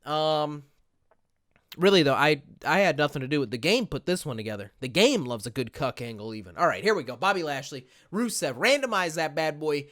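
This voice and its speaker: A man's voice: on the high side, a little fast. A man hosting a wrestling video game series, mixing casual chat with hyped-up announcer-style play-by-play and often tripping over his words. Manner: excitable, hypes up matches, stumbles over words. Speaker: gaming YouTuber. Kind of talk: gameplay commentary with mock wrestling announcing.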